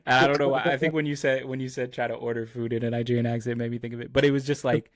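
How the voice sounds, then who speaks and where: A man's voice: medium pitch, level tone, racing, no echo. A young man hosts a casual podcast chat. He rambles and hunts for words, filling gaps with ums and likes. His voice sits mid-range, recorded dry and close. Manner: rambling, searches for words with many fillers. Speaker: podcast host.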